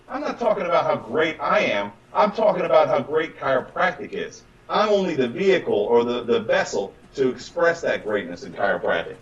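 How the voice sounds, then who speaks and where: A man coaching on chiropractic business in an emphatic, conversational way, acting out patients and doctors in quick little voices. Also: mid-range voice, big pitch swings, far from the mic, lo-fi sound. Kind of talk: animated conversational advice.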